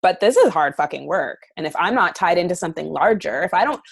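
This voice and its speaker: A woman's voice: fairly low pitch, animated, fast talker, gravelly, breathy edge, dry recording. A woman from Canada, a podcast guest, speaking bluntly and emphatically in a candid interview, swearing freely.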